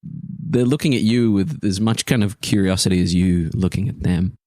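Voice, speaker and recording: A man acting as game master, describing a scene slowly with many fillers. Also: deep voice, dark tone, no echo, studio quality. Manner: slow, filler-heavy description.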